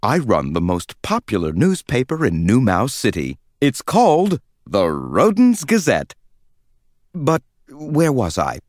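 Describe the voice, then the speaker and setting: A man narrating a children's storybook in the first person, with an expressive, sing-song delivery. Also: mid-range voice, unhurried, no room sound, studio quality. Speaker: audiobook narrator.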